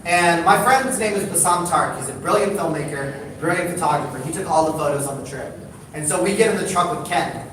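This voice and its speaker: A male speaker at a live talk tells a comic story with animated, rising energy. The sound is distant and very reverberant, as if heard from the back of a large hall. A steady background hiss sits under his voice. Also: fairly quick. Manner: animated, building to excited high-pitched bursts. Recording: echoey hall, distant mic, noisy.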